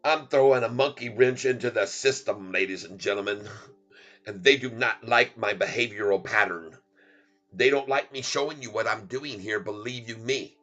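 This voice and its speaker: A man's voice: lowish voice, normal speed, fairly bright tone, muffled recording. A man giving playful live commentary on his stock trades, laughing often and chanting goofy little rhymes. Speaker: stock trading streamer. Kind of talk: casual live trading commentary.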